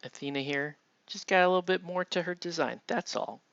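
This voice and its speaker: A man's voice: high-pitched, a little fast, gravelly, fairly bright tone, clean tone, dry recording, highs cut off. A man chatting casually on a live stream while he paints, murmuring half to himself and talking to viewers between brushstrokes.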